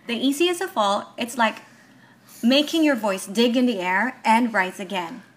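A mother giving a home lesson on Mandarin tones, explaining slowly and drawing out each example syllable. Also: fairly high pitch. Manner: slow, careful explanations with drawn-out example syllables. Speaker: parent teaching Mandarin tones.

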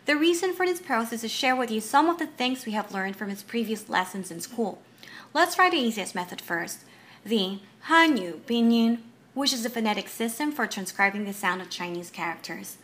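A mother giving a home lesson on Mandarin tones, explaining slowly and drawing out each example syllable. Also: on the high side, a bit bright. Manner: slow, careful explanations with drawn-out example syllables. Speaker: parent teaching Mandarin tones.

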